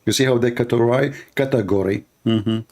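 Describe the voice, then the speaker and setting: A man's voice: medium pitch, a little fast, darkish tone. A man hosting a show, giving sarcastic, teasing commentary in non-native English. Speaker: host. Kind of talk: mocking commentary on a clip.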